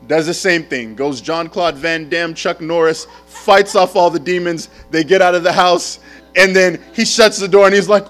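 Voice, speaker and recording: A man preaching a sermon as a pastor, telling stories in an animated way with casual slang. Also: sits high, moderate pace, faint music behind.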